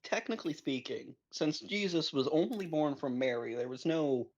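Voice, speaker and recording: A woman co-streamer making dry, deadpan quips during a game stream. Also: deep voice, normal speed, slight background noise. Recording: slightly dull audio with faint music.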